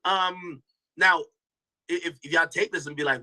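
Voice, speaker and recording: A man's voice: on the high side, steady tone, normal speed, pushed and bright, low-quality recording. A man hosting a casual commentary stream, talking loosely to his chat with lots of restarts and slang. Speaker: host reacting to a stream clip.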